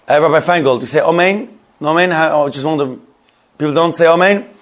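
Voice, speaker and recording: A man teaching a Torah class. He reads a legal text aloud, translates it line by line, and puts lively questions to his students. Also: a little high, a little fast.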